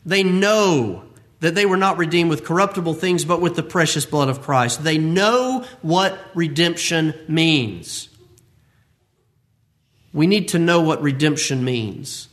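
A man's voice: fairly high pitch, fairly bright tone. A man preaching a sermon, emphatic and repeating phrases for effect.

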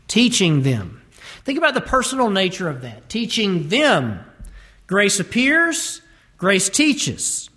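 A man with a fairly high voice delivers a sermon. He leans hard on key words, stretching some out slowly and rushing through others. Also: a bit bright. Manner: emphatic, varies pace to stress words. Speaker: preacher.

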